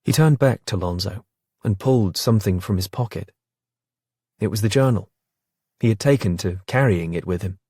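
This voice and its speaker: A man narrates an audiobook in a measured, steady voice. His voice is low and somewhat husky. The recording is dry and close. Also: no room sound. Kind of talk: scripted narration.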